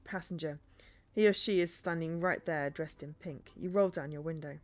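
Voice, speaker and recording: A woman's voice: low-pitched, normal speed, a little mellow. A woman streamer reading a story game aloud, with dry, sarcastic asides.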